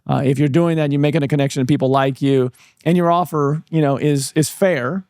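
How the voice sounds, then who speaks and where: A man hosting a podcast interview, summarizing points in a measured way with filler pauses. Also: a little high, fairly even intonation, darkish tone, no room sound, studio quality. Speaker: podcast host.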